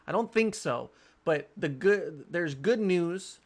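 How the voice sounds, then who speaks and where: A man hosting a casual sports podcast. His voice sits a bit higher than most men's. He talks in animated, quick bursts and often restarts his sentences as he thinks aloud. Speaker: podcast host.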